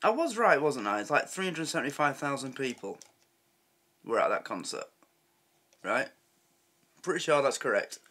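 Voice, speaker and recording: A man's voice: mid-range voice, big pitch swings, normal speed, pauses often, sharp tone. A man hosting a reaction video, chatting in a rambling, openly moved way. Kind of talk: casual reaction commentary.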